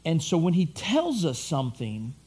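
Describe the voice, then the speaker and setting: A man's voice: fairly high pitch, huge pitch swings, normal speed, a little mellow, husky. Conversational preacher, man. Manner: conversational preaching with acted quotes and repetition. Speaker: pastor. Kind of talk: sermon.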